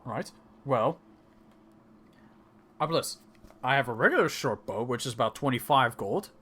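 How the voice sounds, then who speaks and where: A man's voice: mid-range voice, normal speed, husky. A man running a tabletop game as dungeon master, narrating with lots of fillers and frequent laughter. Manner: animated, laughs often, filler-heavy.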